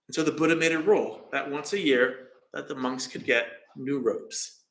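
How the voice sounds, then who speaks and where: A man's voice: mid-range voice, moderate pace, vocal fry, a bit bright. A man teaching as a meditation teacher, telling a story in a dharma talk in a casual, rambling way with many fillers. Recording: roomy echo.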